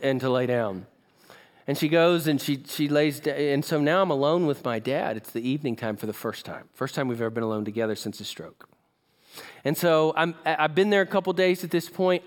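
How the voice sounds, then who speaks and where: A man preaching, telling a personal story in a conversational, emotional way and asking the audience questions. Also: fairly high pitch. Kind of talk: sermon storytelling.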